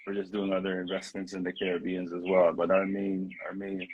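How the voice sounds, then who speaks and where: A man's voice: low voice, completely flat delivery, a little fast, dull audio, a crowd in the background. A man guest, talking earnestly about his real estate projects in a casual interview and often repeating words as he speaks. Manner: repeats words while he finds them, plain and earnest.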